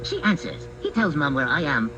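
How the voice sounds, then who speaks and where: A man telling comic stories in the first person as a mischievous pet cat, in a wry, mock-serious, deadpan manner. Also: on the high side, moderate pace, highs cut off. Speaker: narrator speaking as a pet cat. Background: background music.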